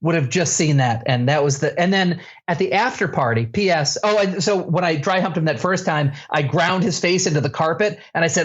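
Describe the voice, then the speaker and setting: A middle-aged man hosting a podcast, telling an anecdote with animated energy and laughing as he tells it. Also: a little high, fairly quick, hardly any pauses, highs cut off. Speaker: podcast co-host. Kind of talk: casual storytelling chat.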